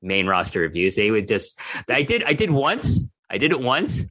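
A man hosting a podcast in a loose, chatty way, full of false starts and snarky swearing. His voice is bright and forward. The recording is dry and close. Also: medium pitch, wildly swooping pitch, moderate pace, no room sound. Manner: rambling, snarky, swears freely, many restarts. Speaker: podcast host. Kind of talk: casual podcast chat.

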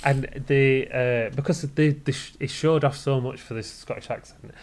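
A man, co-hosting a podcast in casual chat, easygoing and quick with agreeing hums. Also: medium pitch, steady tone, a little mellow. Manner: easygoing, many short backchannel hums. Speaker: podcast co-host.

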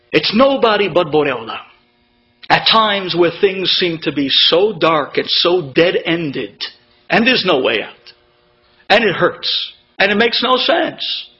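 Man, higher voice, emotional storyteller, dramatic pauses, dull lo-fi sound, mains hum. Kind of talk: inspirational personal story.

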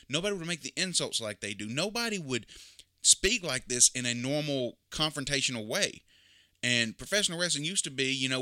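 A man's voice: mid-range voice, pushed and bright, no echo, clean studio sound. A man giving opinionated, emphatic casual commentary, critical and repeating his points. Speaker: wrestling commentator.

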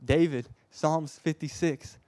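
Guy preaching hard then going quiet, stumbles on words, dry close sound. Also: a little high, fairly even intonation, takes it slowly, no echo. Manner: impassioned, swings from loud urging to soft hush; stammers and repeats words. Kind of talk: sermon.

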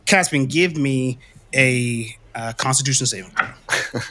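A man's voice: medium pitch, measured pace. A man narrating as game master of a tabletop role-playing game, telling the scene with fillers and easy laughs. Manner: relaxed storytelling with frequent fillers and laughs.

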